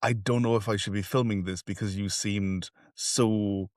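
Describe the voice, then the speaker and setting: A man's voice: fairly low pitch, fairly even intonation, moderate pace, a little mellow, no room sound, clean studio sound. A man hosting a podcast interview, talking in a reflective, rambling way. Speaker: podcast host. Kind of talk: casual interview.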